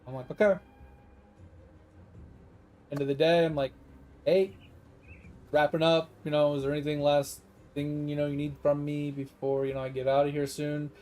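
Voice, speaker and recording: Guy gaming on stream and ranting about an old job, kinda high but soft dark tone, acts out everyone, swears a lot. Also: normal speed, long pauses, soft background music. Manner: rambling, animated, quotes people in dialogue, swears. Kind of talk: casual storytelling while gaming.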